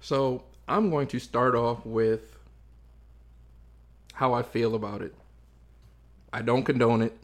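A man's voice: mid-range voice, steady tone, slow pace, long pauses. Slangy, laid-back male podcast host. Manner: laid-back, slangy and profane, lays out points step by step. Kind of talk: casual podcast chat.

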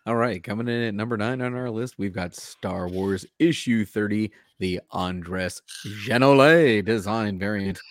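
A man co-hosting, reading a market rundown in a steady, announcer-like way. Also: on the low side, measured pace, hardly any pauses. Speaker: co-host.

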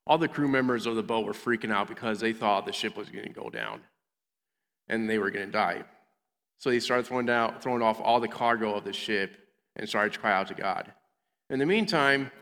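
A man's voice: medium pitch, fairly bright tone. A man giving a playful Bible lesson to children, acting out the characters in little voices. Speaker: children's minister. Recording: long hall reverb.

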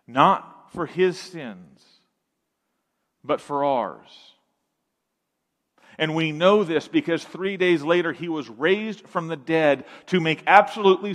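A man preaching a sermon as pastor, emphatic, with dramatic pauses, dropping to a hush and then swelling again. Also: a little high. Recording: long reverb of a large hall.

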